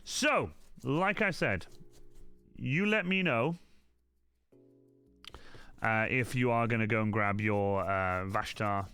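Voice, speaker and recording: A man's voice: lowish voice, takes it slowly, pauses often, pushed and bright, clean tone, soft background music. A young man hosting a casual crafting livestream, chatting to his viewers and apologizing often. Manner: chatty, apologetic, talks straight to chat. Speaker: livestream host.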